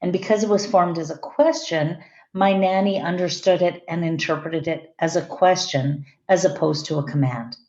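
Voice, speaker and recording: A middle-aged woman with a somewhat low, slightly mellow voice gives a conversational classroom lecture at a moderate pace, checking in with her students. The room recording is echoey, dull and lo-fi.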